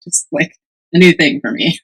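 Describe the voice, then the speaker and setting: Speaking at normal speed in a deep voice with a breathy edge, a podcast co-host chats casually over poor audio. She tells a personal story with animation, often laughing and playing out what other people said.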